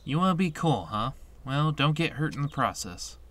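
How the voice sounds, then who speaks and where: A man reading the lines of a calm, motherly older female school doctor in a slightly raised voice, in a game playthrough. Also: on the high side, moderate pace, a little hiss or hum. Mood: gently scolding. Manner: reads the on-screen dialogue aloud in a lightly lifted voice.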